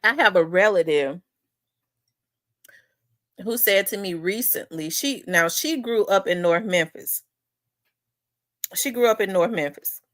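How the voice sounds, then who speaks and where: A woman's voice: mid-range voice, measured pace, long pauses, a bit bright, no echo. A woman host telling a story in casual chat, talking in winding asides and repeating herself.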